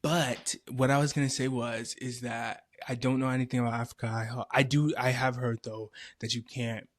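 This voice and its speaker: A young man co-hosting a podcast, talking in an animated, playful, rambling way. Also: mid-range voice, normal speed, dry recording, studio quality. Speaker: podcast co-host. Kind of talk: casual podcast chat.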